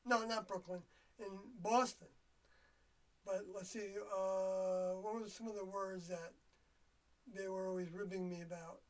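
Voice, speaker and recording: An older livestream host rambles through a reflective, confiding solo monologue, his mid-range voice steady in tone. He speaks haltingly, trailing off and pausing as he hunts for words, and sits a bit far from the mic.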